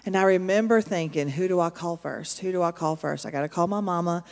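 A woman's voice: on the low side, a little fast, a little mellow. A woman pastor, preaching a sermon in a storytelling, conversational way with emphatic asides to her congregation. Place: church auditorium. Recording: long reverb of a large hall.

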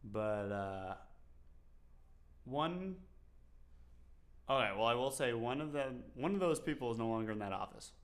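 A man's voice: medium pitch, expressive, a little slow, long pauses. A young man co-hosting a podcast, joking around in casual chat, swearing freely and laughing often. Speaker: podcast co-host.

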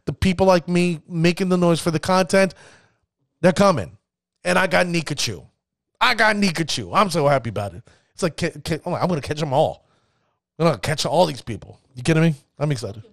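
A man hosting his own podcast in excitable, hype-building casual talk, rambling with restarts as he announces guests and reads out cards. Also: high voice, fairly quick, no room sound, clean studio sound. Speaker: podcast host.

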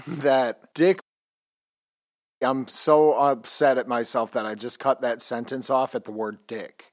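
A man hosting a podcast in casual chat, laid-back and joking, with a lot of swearing. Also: medium pitch. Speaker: podcast host.

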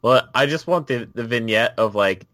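A man's voice: medium pitch, normal speed, a bit bright. A man co-hosting a casual chat show, talking in a dry, understated and teasing way. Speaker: podcast co-host. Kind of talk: casual chat about wrestling.

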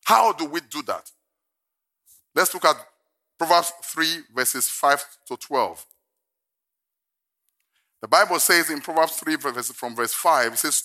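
A man's voice: on the high side, lively intonation, takes it slowly, pauses often, bright, forceful tone. An older man preaching a sermon, telling a humorous personal story and then preaching emphatically from scripture. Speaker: pastor.

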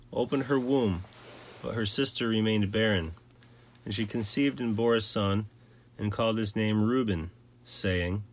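A man reading scripture aloud in a low voice. He keeps a measured, steady pace and now and then stumbles and restarts a phrase. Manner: measured, with occasional slips and restarts. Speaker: scripture reader.

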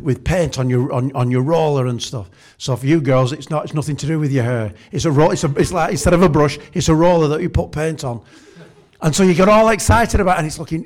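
A man's voice: on the high side, a little mellow. A man preaching a humorous sermon, telling chatty everyday stories and acting out the scenes. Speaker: pastor.

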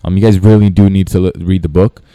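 A man talks through his cold-calling method in a loose, rambling way, circling back and restarting often. His voice sits low, with a warm, dark tone. The sound is completely dry. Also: steady tone, fast, smooth, no room sound. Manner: rambling, many restarts and fillers. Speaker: sales coach. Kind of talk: casual talking-head tutorial.

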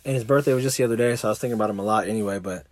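A man's voice: fairly low pitch, very fast. A man hosting a podcast, rambling in casual chat and swearing freely. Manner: rambling, profane, laid-back. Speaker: podcast host. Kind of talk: casual monologue.

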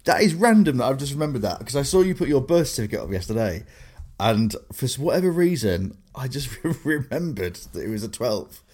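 A man in casual chat, excitable and quick to exclaim. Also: mid-range voice, husky.

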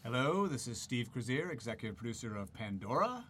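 A man's voice: medium pitch, big pitch swings, brisk, fairly bright tone, slight background noise. An American man hosting a casual commentary chat as executive producer, joking and laid-back.

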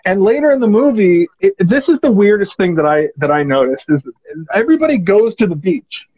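Guy with a high voice chatting about a movie, kinda dull lo-fi sound. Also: big pitch swings, brisk, husky. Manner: rambling, lots of "like" fillers. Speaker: podcast host. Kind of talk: casual movie discussion.

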